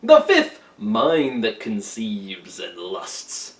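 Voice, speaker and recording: A man voicing a menacing male ruffian chief who recites names in a slow, deep, drawn-out intonation. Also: huge pitch swings, roomy sound, full character voice.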